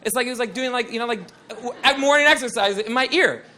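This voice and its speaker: A young man telling a comic story at a live show, excitable and profane, rambling with lots of fillers. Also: extremely high pitch, fast, heavy background noise.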